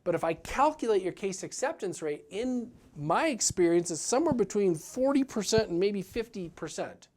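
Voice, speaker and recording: A man's voice: high voice, very animated, normal speed, hardly any pauses, a little mellow. Man, practice coach, motivational business talk, earnest, direct, acts out client voices.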